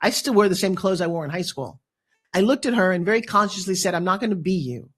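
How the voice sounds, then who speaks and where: Woman in her fifties, dramatic and animated motivational speaker sharing her story as a talk show guest. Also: fairly low pitch, fast talker, breathy edge. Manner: animated, dramatic storyteller who acts out quotes.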